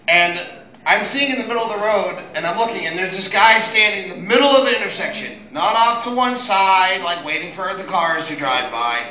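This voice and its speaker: A man's voice: high voice, pushed and bright, roomy sound, lo-fi sound. A young man doing open mic stand-up, telling crude, exasperated stories full of swearing. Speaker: stand-up comedian.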